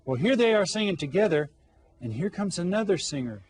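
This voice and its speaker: A man's voice: a little high, big pitch swings, normal speed, darkish tone, husky. A man teaching a playful children's Spanish lesson, coaxing the kids with questions and mimicking animal sounds.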